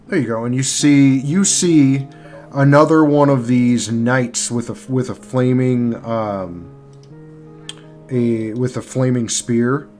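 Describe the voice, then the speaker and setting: A man narrating as game master in a live-streamed tabletop game, pausing and restarting while he works his game tools. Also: mid-range voice, a little mellow. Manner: halting, pauses while working the game tools. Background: faint guitar music.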